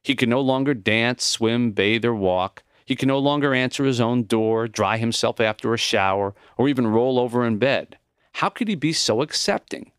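A man's voice: medium pitch, moderate pace, clean tone, dry recording, studio quality. A man reading his own memoir as an audiobook narrator, telling the story in a reflective, intimate first person.

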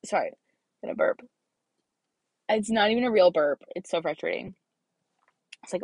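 A woman's voice: medium pitch, moderate pace, creaky, slightly rough, no echo. Twenties woman, casual rambling vlogger, congested, dry close-miked sound. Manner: rambling, filler-heavy, lively storytelling. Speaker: student vlogger. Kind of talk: casual chatty vlog.

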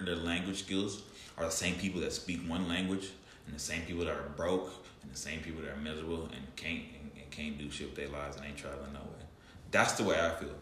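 A man with a deep, fairly bright voice co-hosts a podcast at a brisk pace, chatting casually. He's blunt and emphatic and swears freely, recorded in an echoey room with slight background noise.

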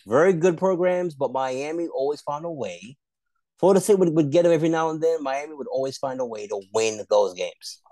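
A man co-hosting a casual sports podcast, debating rivalries and jumping high in pitch when he argues. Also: fairly quick, few pauses, dry recording. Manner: animated, pitch jumps high when arguing.

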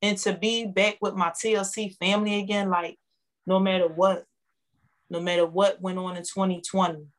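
A woman speaking, giving an emotional, heartfelt testimonial as a guest, animated and repeating herself for emphasis. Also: mid-range voice, normal speed, rough recording. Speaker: guest, network marketing member.

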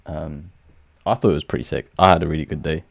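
A man's voice: a bass voice, steady tone, fast talker, creaky, no room sound. A man co-hosting a podcast, telling a story in an upbeat, laid-back way with plenty of fillers. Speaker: podcast co-host. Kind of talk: casual chat.

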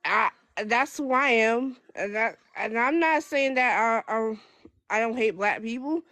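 A young woman speaking as a guest in casual chat, with a stutter that breaks her speech into halting restarts. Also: fairly high pitch, bright, forceful tone, dry recording.

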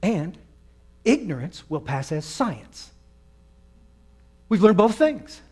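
Male preacher, high voice, lively storyteller who acts out every quote. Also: takes it slowly, breathy edge. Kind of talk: storytelling sermon.

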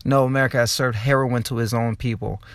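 A young man from New Jersey hosting his own podcast, ranting in a profane, rambling and excitable way. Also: medium pitch, fast, dry recording. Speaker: podcast host. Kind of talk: casual podcast monologue.

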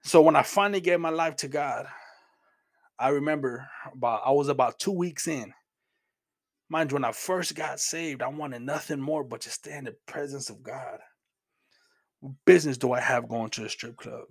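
Gravelly-voiced man telling his story. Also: mid-range voice, normal speed. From Houston, Texas. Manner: earnest, plain-spoken, repeats words as he goes. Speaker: Christian speaker sharing testimony. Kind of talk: personal testimony storytelling.

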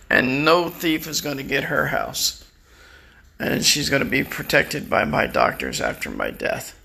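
A man's voice: mid-range voice, creaky, sharp tone, slight background noise. A man delivering a bitter, defiant personal rant, swearing and taunting his enemies. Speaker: vlogger. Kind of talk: angry personal rant to camera.

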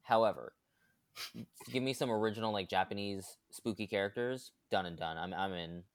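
Low, smooth-voiced man chatting. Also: normal speed, no echo. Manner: relaxed, rambling with fillers and restarts. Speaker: podcast co-host. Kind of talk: casual group chat.

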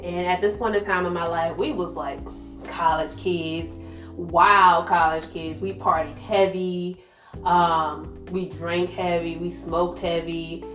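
Young woman, low-ish voice, candid slangy storyteller; echoey room, faint music bed. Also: level tone, slow. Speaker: guest sharing her testimony. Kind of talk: casual faith conversation. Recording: roomy echo with soft music behind.

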